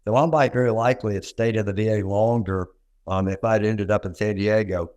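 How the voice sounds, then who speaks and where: This older Arkansas dentist has a fairly low, darkish voice with a steady tone, talking fairly quickly; the recording's highs are cut off. Being interviewed, he tells stories in a folksy, self-deprecating way with his Southern accent.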